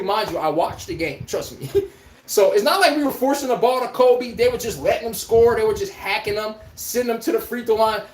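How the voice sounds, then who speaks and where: A man's voice: high voice, a little hiss or hum. A man hosting a podcast, delivering a heated, profane sports rant with an incredulous tone. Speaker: podcast host. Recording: echoey room.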